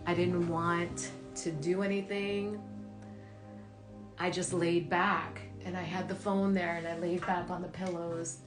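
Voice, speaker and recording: A woman's voice: on the low side, little pitch movement, slow pace. A woman telling a personal story in a frank, profane way, often laughing, playing the other people's lines in her own voice. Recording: music playing underneath.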